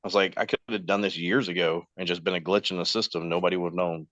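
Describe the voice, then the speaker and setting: A man in his forties with a very low, deep voice rambles through anecdotes in casual podcast chat, slipping into other people's voices as he quotes them. The recording is dull and lo-fi, with a dry, close sound and no room echo. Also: steady tone, quick pace, a bit bright. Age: 40s. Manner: rambling anecdotes acting out quoted dialogue, laughs often. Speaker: podcast guest host.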